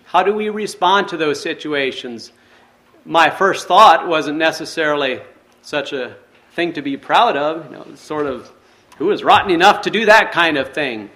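A man's voice: on the high side, normal speed, pushed and bright. A man reading a story aloud and then reflecting on it in an earnest way, with some hesitant restarts. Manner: earnest, with hesitant restarts in his own talk. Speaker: speaker.

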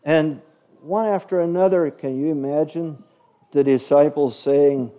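A man's voice: on the high side, fairly even intonation, measured pace, mellow, clean tone. A man teaching a Bible story to children in a chatty way, asking them questions along the way. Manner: asks the listeners questions, chatty.

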